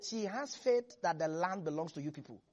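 A preacher giving an animated sermon, repeating lines for emphasis and laughing often. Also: mid-range voice, a little fast, muffled recording. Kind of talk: lively sermon.

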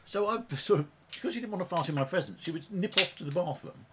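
A man chats animatedly as a podcast co-host, his pitch leaping around as he talks quickly. The recording carries a clear layer of background noise. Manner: animated, chatty, swears mildly. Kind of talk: casual chat over beers.

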